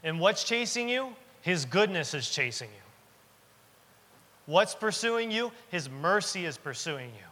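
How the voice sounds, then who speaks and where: A man's voice: sits high, big pitch swings, measured pace, bright, forceful tone. A man in his thirties preaching a sermon as pastor, earnest and emphatic, with lots of repetition. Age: 30s. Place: church sanctuary. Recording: long reverb of a church hall.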